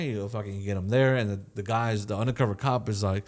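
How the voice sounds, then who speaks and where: A young man hosting a podcast, telling a crime story in a loose, animated way, swearing a lot and checking in with "right?". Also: lowish voice, quick pace, few pauses. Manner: swears constantly, animated retelling, keeps asking "right?". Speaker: podcast host. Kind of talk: casual storytelling.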